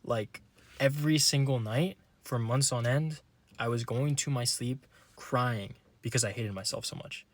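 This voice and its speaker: A man's voice: medium pitch, measured pace. A young man giving an earnest, personal motivational monologue to camera, repeating himself for emphasis and pressing harder as he goes. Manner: earnest, repetitive, building to urgent emphasis. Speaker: vlogger.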